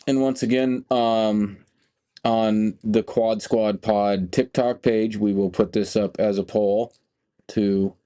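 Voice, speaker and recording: Low, mellow-voiced man with a wry delivery. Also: steady tone, slow. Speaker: podcast co-host. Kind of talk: casual podcast chat.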